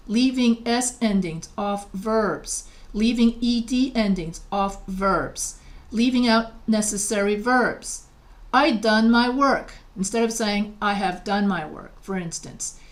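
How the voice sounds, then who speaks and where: A middle-aged woman from New York lecturing on writing in a video lesson, with a voice of ordinary pitch for a woman. She talks in a loose, conversational way, reading out textbook examples and then explaining them plainly. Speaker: writing teacher.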